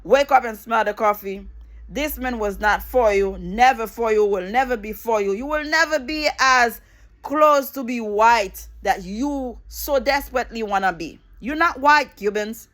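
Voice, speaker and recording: A middle-aged woman speaking in a fairly high voice, ranting straight to camera. She is fired up and emphatic, hammering her points with repetition and blunt swearing. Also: measured pace, fairly bright tone. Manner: angry, emphatic, repeats phrases, swears. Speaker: vlogger. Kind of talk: impassioned political rant to camera.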